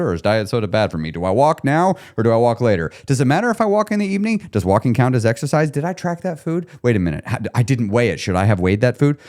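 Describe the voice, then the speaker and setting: A man hosting a podcast in a casual, animated monologue who acts out little scenes in a playful way. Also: lowish voice. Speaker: podcast host.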